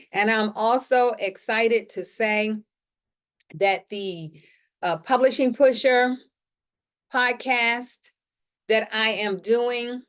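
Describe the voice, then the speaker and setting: A woman hosts a casual publishing Q&A from inside her house, speaking in a fairly high voice. She talks slowly and upbeat, leaning on motivational phrases and repeating herself for emphasis. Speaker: host of a publishing Q&A show. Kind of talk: casual live-stream talk. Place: indoors at home.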